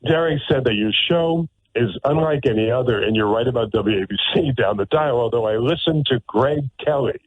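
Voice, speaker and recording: A man's voice: medium pitch, fairly quick, hardly any pauses, no echo. A man hosting a talk radio show, delivering a combative, sarcastic monologue full of restarts and asides. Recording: dry, tinny phone-like radio line.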